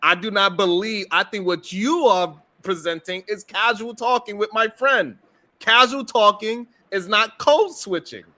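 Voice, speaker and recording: A man's voice: high-pitched, measured pace, pushed and bright. A man with a New York accent, arguing his point in a casual live-stream debate and often cutting in with "hold on". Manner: argumentative, keeps repeating "hold on" to hold the floor.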